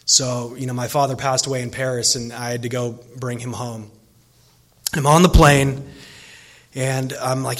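A man's voice: mid-range voice, fairly even intonation, moderate pace, a bit bright. A man in recovery telling his personal story to a gathering, earnest and emotional, with many fillers and restarts. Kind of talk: personal testimony speech.

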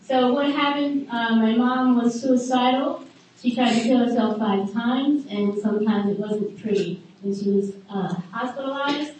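A middle-aged woman candidly telling her life story to a live group, halting often and adding wry asides. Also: a little high, a little mellow, slight background noise. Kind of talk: personal testimony to a live group. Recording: echoey room heard from a distance.

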